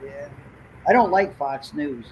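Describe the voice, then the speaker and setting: A man's voice: sits high, huge pitch swings, measured pace, darkish tone, husky, dull audio. A man chatting casually, restarting his sentences often. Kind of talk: casual chat. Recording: faint background noise.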